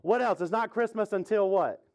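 Man, pastor, casual sermon, joking, talks with the congregation, fairly high voice. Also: normal speed, a little mellow, clean tone. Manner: chatty, jokey, asks the congregation questions. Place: church sanctuary with congregation.

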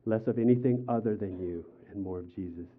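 An older male pastor delivers a sermon, swinging from loud, acted-out quotes to quiet, earnest appeals. The sound is thin and tinny, like a phone line. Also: on the low side, brisk, breathy edge. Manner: animated storytelling, acts out quotes with raised voice. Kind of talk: sermon with personal stories.

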